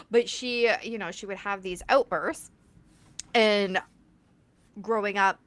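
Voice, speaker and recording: A woman in her thirties hosting a casual talk, animated, laughing often and acting out quoted lines. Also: mid-range voice, slow. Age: 30s. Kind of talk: casual conversational chat.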